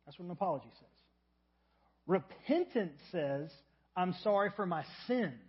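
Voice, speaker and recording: Husky-voiced man preaching a sermon. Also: expressive, moderate pace, highs cut off. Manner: emphatic, repeats key phrases, drops to soft low tones for acted prayers. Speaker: pastor.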